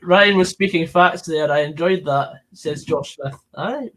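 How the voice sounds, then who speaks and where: Host guy, high-ish voice, relaxed chatty stream talk. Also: measured pace. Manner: easygoing, reads out chat comments. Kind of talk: casual football chat. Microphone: online voice call.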